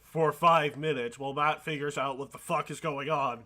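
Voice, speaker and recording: A man's voice: a little high, fairly even intonation, moderate pace, bright, forceful tone. A man narrating a tabletop game as game master, rambling with many fillers.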